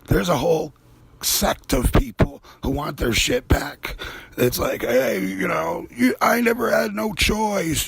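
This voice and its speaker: A man's voice: a little high, creaky, a little hiss or hum. A man hosting a show, rambling through a profane, conspiratorial comedic monologue. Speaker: host.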